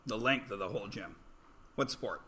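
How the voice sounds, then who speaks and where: A man's voice: on the low side, lively intonation, normal speed, pushed and bright, slight background noise. A man teaching a math class, joking about himself and prodding students to guess answers. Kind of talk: classroom lecture.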